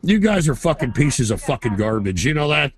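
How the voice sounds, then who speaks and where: A man making prank phone calls, ranting loudly and swearing hard at the people he calls. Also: medium pitch, big pitch swings, brisk, a crowd in the background. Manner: loud, profane, ranting. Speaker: prank caller host.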